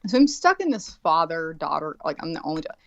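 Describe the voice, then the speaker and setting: Low-pitched and quick, a fortysomething woman curses her way through a wandering story, animatedly performing everyone's words. It's a dry, dull lo-fi recording.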